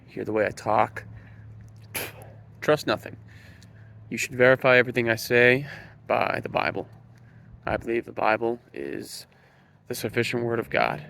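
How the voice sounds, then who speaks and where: A man speaks in an earnest preaching monologue, his mid-range voice carrying a gravelly edge. He slows down and leans on the words he wants to stress. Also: medium pitch, fairly bright tone, slight background noise. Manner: slow, emphatic, stresses key words. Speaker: Christian speaker.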